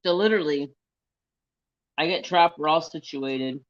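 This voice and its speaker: A man hosting a craft stream, telling a rambling story in a casual, animated way and swearing freely. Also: fairly high pitch, normal speed, dry recording. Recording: slightly dull, lo-fi sound.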